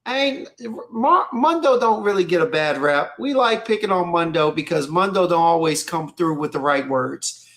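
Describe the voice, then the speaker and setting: High-voiced guy chatting on a podcast, loose and rambling, keeps checking in. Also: animated, moderate pace, fairly bright tone. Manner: loose, repeats "you know what I'm saying". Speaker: co-host. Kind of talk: casual chat.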